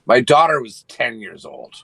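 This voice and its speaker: Erratic, profane man calling in, lively creaky voice. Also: medium pitch, moderate pace. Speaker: call-in guest. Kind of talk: casual chat on a call.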